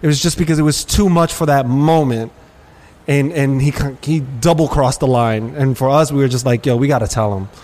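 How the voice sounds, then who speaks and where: A man's voice: mid-range voice, normal speed, darkish tone. A man hosting a podcast, telling personal stories in a candid, rambling way with frequent restarts. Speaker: podcast host. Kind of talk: casual chat.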